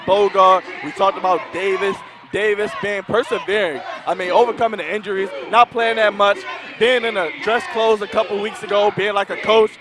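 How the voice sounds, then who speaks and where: A man calling a live basketball game as play-by-play announcer, emphatic and excitable. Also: high voice. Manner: emphatic, calls action with rising excitement. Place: arena broadcast position. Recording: roaring crowd and arena noise.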